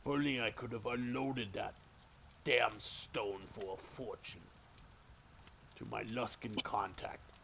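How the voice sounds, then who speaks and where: A man voicing a gruff, bearded male prisoner who is surly and defiant. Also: on the low side, steady tone, takes it slowly, long pauses, pushed and bright, slight background noise, exaggerated voice. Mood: grumbling. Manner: rough, snappish, dismissive.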